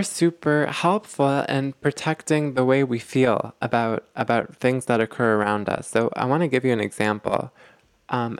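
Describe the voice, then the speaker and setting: Podcast host, male, mid-pitched, gravelly, close and dry sound, explains as he thinks. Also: dry recording. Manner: explanatory, repeats words while thinking. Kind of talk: casual self-help podcast talk.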